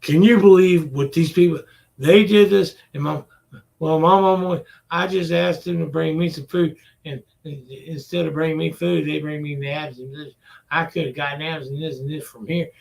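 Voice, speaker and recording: A man's voice: fairly high pitch, fairly even intonation, moderate pace, creaky, a little mellow. A man ranting to camera in an exasperated, repetitive way, cursing often as he vents. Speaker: vlogger. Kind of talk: profane venting rant to camera.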